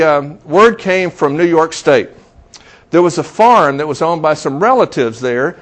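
A man telling a story to a group in a conversational way, with many fillers and restarts. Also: fairly high pitch. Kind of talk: interactive storytelling talk.

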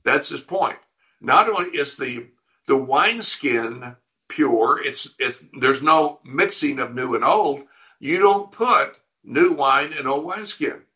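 A man's voice: a little high, takes it slowly, bright, forceful tone. A man preaching a sermon, reading verses aloud and explaining them, often restarting his phrases. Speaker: pastor. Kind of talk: sermon teaching on scripture.

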